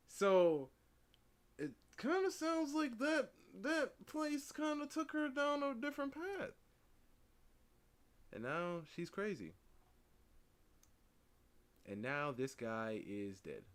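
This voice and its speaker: A man giving casual, animated commentary while reacting to a true-crime video, often repeating "listen" and "right?". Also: high voice, slow, long pauses.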